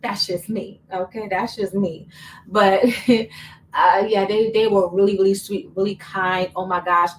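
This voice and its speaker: A woman's voice: mid-range voice, steady tone, a little slow. A young woman tells a personal story in a casual, chatty vlog, repeating words for emphasis. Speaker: vlogger. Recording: slightly distant mic, faint room noise.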